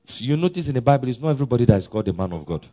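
A male preacher delivering an emphatic sermon. His pitch leaps and drops in lively swings, from ringing loud declarations down to hushed, low asides. He chuckles often between points. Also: racing. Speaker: pastor.

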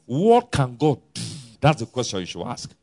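A man preaching a sermon, emphatic, swinging between loud bursts and hushed asides, with frequent chuckles. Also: mid-range voice, wildly swooping pitch, moderate pace, faint music behind. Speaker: pastor.

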